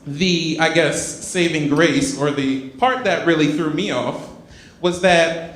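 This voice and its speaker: High-voiced young male stand-up comic. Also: slow. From Caribbean. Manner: animated, swings between loud bursts and low asides. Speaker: stand-up comedian. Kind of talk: stand-up storytelling. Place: comedy club stage. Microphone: handheld stage mic. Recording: echoey club with audience. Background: laughing audience.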